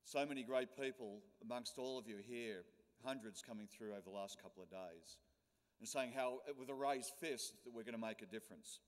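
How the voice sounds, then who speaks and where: A man's voice: medium pitch, a little fast. Rousing Australian man in a hall. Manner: rousing, calls out to the crowd. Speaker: union leader, keynote speaker. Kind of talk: rousing conference speech. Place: large conference hall. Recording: long hall reverb.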